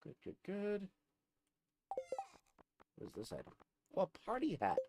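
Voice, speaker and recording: A man's voice: high-pitched, huge pitch swings, unhurried, gravelly, heavy background noise. A man giving casual, rambling commentary while playing a video game, often restarting his sentences as he chats with his viewers. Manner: chatty, rambling, frequent restarts. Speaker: gaming streamer. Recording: game music playing behind.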